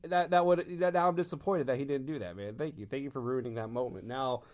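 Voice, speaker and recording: A man from Texas telling fan anecdotes in casual chat, animated and laughing often as he acts out quotes. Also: medium pitch, fast.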